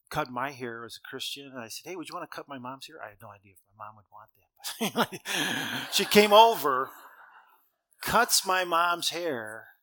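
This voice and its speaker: A middle-aged man preaching a sermon to students in a hall, telling stories that swing between loud emphasis and quiet asides. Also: medium pitch.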